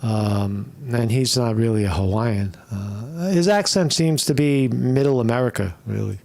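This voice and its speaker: A man's voice: medium pitch, a little slow, vocal fry, a little mellow. A man commenting on a live stream, rambling and cursing, stopping often to ask "right?" and reading out viewer questions. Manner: rambling, profane, keeps asking "right?".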